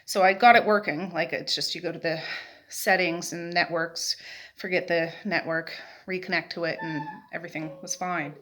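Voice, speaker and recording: At home in a rocking chair, a middle-aged mother from Nova Scotia, Canada, gives a casual day-in-the-life vlog chat, wandering through stories with many fillers. She speaks at normal speed in a voice on the low side, steady in tone and a bit bright.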